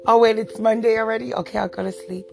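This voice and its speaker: A woman's voice: fairly high pitch, steady tone, fast talker, vocal fry, faint music behind. A woman hosting a podcast from home, chatting casually in a teasing, playful way and laughing often. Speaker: podcast host. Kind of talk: casual chat. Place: at home, back porch.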